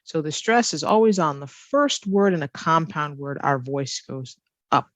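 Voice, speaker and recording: Woman ESL teacher, unhurried and careful, repeats phrases, dry recording. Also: low-pitched, animated, no room sound. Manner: repeats key phrases slowly for learners. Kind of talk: slow, careful teaching explanation.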